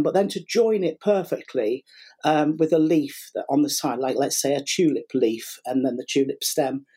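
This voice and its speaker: A middle-aged man speaks as a guest in a relaxed interview. His voice is mellow and a little husky. He tells stories with lots of energy, often acting out what other people said and stopping to restart his sentences. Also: a little high. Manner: animated, acts out quotes, many restarts. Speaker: guest, sugar flower artist. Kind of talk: casual interview storytelling.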